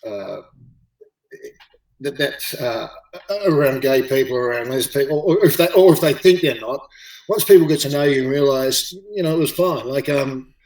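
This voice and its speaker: A middle-aged Australian man telling a story in an interview, halting and full of fillers and repeated words. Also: mid-range voice, a little mellow. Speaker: interview guest, former rugby league player. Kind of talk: casual chat, storytelling. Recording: roomy, distant mic.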